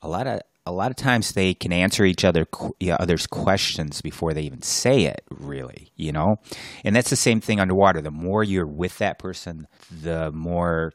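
A man's voice: deep voice, normal speed, few pauses, dry recording, studio quality. A man co-hosting a podcast, chatting casually in an emphatic, joking way. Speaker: podcast co-host. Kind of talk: casual chat.

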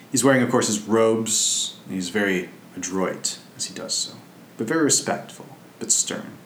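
Low-voiced monk telling a story. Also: male voice, roomy sound, a little hiss or hum. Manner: conversational, loose and anecdotal. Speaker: Buddhist monk giving a Dharma talk. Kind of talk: casual storytelling Dharma talk.

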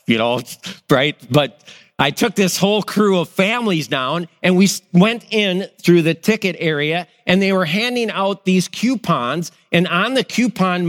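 A middle-aged male pastor with a fairly high voice tells personal stories during a sermon, animatedly acting out the quoted voices. The sound is big and roomy.

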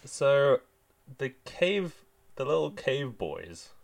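A man's voice: medium pitch, big pitch swings, slow pace, creaky, heavy background noise. A man co-hosting a podcast, speaking in a hesitant, wry, questioning way. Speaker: podcast co-host. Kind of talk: casual comedic chat.

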